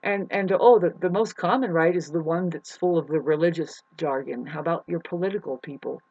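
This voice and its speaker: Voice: mid-range voice, fairly quick, no echo. Rambling lo-fi spiritual vlogger. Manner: rambling, restarts, swings into loud mocking outbursts; swears casually. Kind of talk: rambling spiritual monologue to camera.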